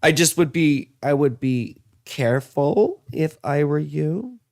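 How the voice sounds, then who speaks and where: A man's voice: on the high side, animated, takes it slowly, a little mellow, no echo, clean studio sound. A man in his thirties giving a casual, rambling astrology and tarot reading, full of asides and fillers.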